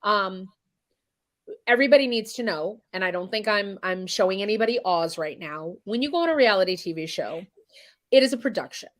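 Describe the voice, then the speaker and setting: Here the woman, a chef and singer being interviewed, talks fairly quickly with an animated, medium-pitched voice. She's forthright and forceful, swearing liberally while giving her opinions.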